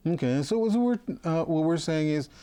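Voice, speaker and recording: A man's voice: on the high side, expressive, normal speed, dark tone, clear, resonant tone. A man hosting an interview, who frames his questions carefully and hesitantly, often restarting his sentences. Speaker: interview host.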